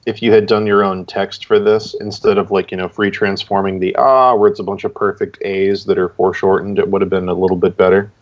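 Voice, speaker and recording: A deep-voiced man speaks in a level tone, brisk and with hardly any pauses, as a guest judge on a livestream over a video call. His critique of the comic entries is casual, rambling, and heavy with filler. The stream audio is dull and lo-fi.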